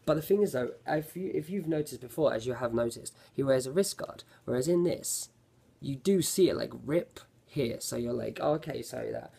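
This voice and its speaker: Male anime reviewer, casual and rambling; gravelly, husky tone. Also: medium pitch, animated, normal speed, mellow. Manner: rambling, self-correcting, lots of fillers.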